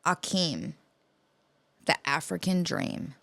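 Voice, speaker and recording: A woman's voice: low-pitched, takes it slowly, gravelly, fairly bright tone, no room sound. A woman co-hosting a podcast, telling a long story in a profane, rambling casual chat. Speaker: podcast co-host.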